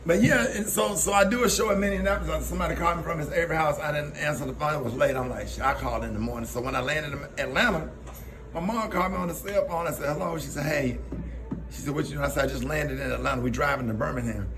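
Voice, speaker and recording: Storytelling man with a high voice. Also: fast, a crowd in the background. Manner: laughs often, tells stories with quoted voices. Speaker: radio show host. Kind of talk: casual storytelling on air.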